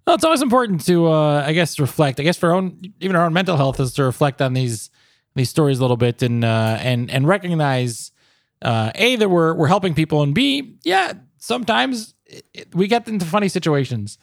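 A man's voice: fairly high pitch, animated, fairly quick, no echo, clean studio sound. A man hosting a casual interview, reflecting and asking short follow-up questions. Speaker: host.

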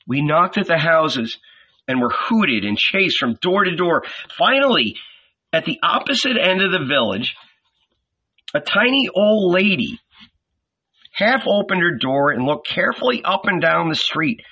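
A man's voice: high-pitched, sing-song, a little slow, sharp tone, husky, lo-fi sound, pitched above the performer's own voice, exaggerated voice. A man reading an audiobook, voicing a disciple recounting events with animation. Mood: animated. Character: lively male disciple telling a tale.

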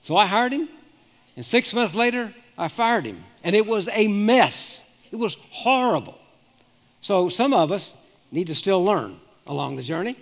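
A man's voice: high voice, very animated, normal speed, vocal fry. Older man preaching in an echoing hall. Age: 70s. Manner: earnest storytelling with frequent restarts. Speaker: pastor. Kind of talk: sermon with personal stories. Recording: long reverb of a large hall.

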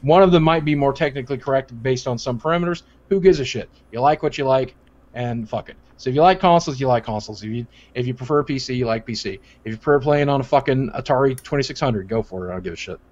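Over a dull, lo-fi recording, a man with a mid-range voice talks at a quick pace while co-hosting a stream. His casual chat is full of cursing, jokes and lively storytelling.

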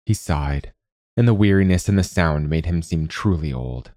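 Man, storybook narrator, very deep voice, dry close recording, steady reading. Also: normal speed, dry recording.

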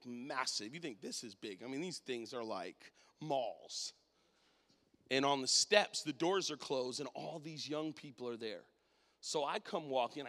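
A man preaching a sermon and telling a personal story, his voice swinging from quiet to loud. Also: medium pitch, in a large hall.

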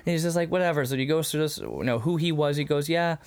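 Fairly high-voiced male podcast co-host, lively and laughing, acting out lines in casual banter. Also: fast. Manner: animated, laughs often, acts out quotes. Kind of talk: casual episode discussion.

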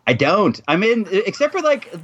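Male co-host, husky voice, wildly lively pitch, jokey rambler; slightly dull lo-fi recording. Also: normal speed. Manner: animated, joking, rambling. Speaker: podcast co-host. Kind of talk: casual chat.

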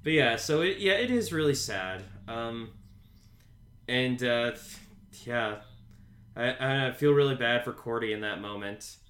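Bright-voiced man rambling through a recap. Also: mid-range voice, animated, measured pace, pauses often. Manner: rambling with many fillers and restarts. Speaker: podcast co-host. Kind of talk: casual show recap chat. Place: home, a pet cat nearby.

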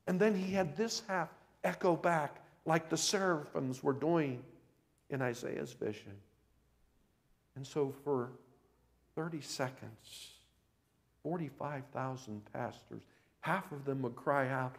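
Slow-preaching man at a camp meeting. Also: medium pitch, animated, vocal fry. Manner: slow, building to impassioned loud cries. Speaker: pastor. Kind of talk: sermon.

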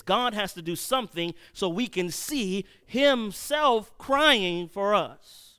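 Bright, clear-voiced man preaching. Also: high voice, animated, moderate pace, few pauses. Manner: storytelling, swings from loud to hushed. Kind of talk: sermon.

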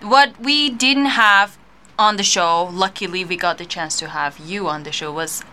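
A woman's voice: on the low side, normal speed, bright, forceful tone. A woman hosting a casual interview, chatty and playful, laughing often as she teases her guest. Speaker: host. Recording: faint background noise.

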